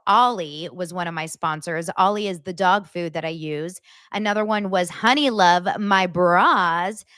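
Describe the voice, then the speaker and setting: A woman hosting her own podcast, talking straight to her listeners in animated, casual commentary with lots of filler words. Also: medium pitch, no room sound, clean studio sound. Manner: animated, talks directly to listeners, many "like" fillers. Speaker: podcast host.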